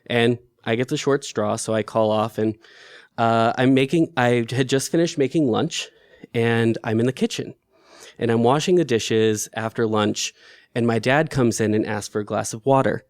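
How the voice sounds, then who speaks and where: A man's voice: medium pitch, steady tone, normal speed, no room sound, studio quality. A man telling an emotional true story about his own life in an earnest way. His voice lifts sharply when he grows upset. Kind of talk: personal storytelling.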